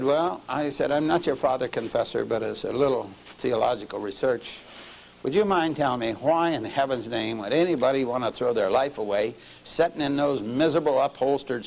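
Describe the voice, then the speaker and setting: A middle-aged man preaching a sermon, telling a story and dropping to low murmurs before raising his voice for emphasis. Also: vocal fry, a little hiss or hum, poor audio.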